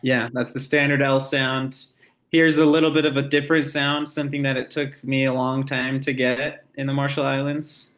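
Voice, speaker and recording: A man's voice: mid-range voice, little pitch movement, normal speed, fairly bright tone. A man in a casual language lesson chat, easygoing and explaining sounds with simple examples.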